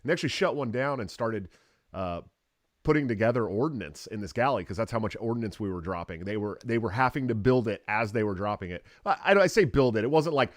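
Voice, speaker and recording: A man's voice: lowish voice, animated, fairly quick, dry recording, clean studio sound. A man talking as a podcast guest, telling rambling, profane, laid-back stories. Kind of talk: casual chat.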